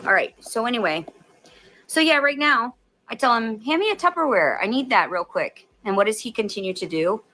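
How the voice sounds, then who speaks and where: A stressed woman talking straight to camera, her voice bright and slightly high, swearing constantly as she unloads on her audience. Her rant is blunt and heated. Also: big pitch swings, fairly quick. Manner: swears heavily, ranting at viewers. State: stressed and angry. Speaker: vlogger filming herself. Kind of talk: profane venting vlog.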